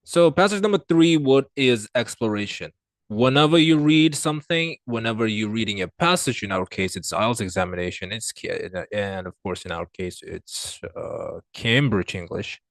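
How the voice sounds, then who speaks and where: A man teaching an exam reading lesson, working through answers aloud with frequent fillers, restarts and swings in pitch and loudness. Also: lively intonation, moderate pace, no echo. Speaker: IELTS tutor. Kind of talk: screen-recorded reading lesson.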